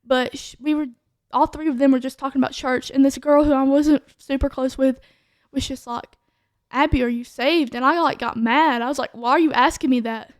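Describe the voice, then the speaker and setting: A young-sounding woman with a high, steady voice talks a little fast as she tells her testimony on a podcast. Her delivery is casual and rambling, full of "like" fillers and restarted sentences, recorded dry and close with no room echo.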